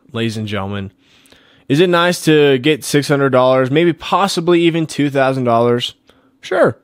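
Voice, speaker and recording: A man delivering a fired-up opinion monologue straight to his viewers. He hammers his points home and repeats himself for emphasis. His voice sounds close and dry, with no room echo. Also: medium pitch. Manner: emphatic, repetitive, preachy. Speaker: political commentary host.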